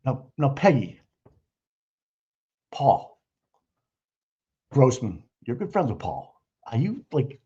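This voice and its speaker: A man's voice: medium pitch, sing-song, unhurried, long pauses, dark tone, husky. Profane, mocking male livestream host. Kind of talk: live commentary over trial footage. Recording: muffled lo-fi audio.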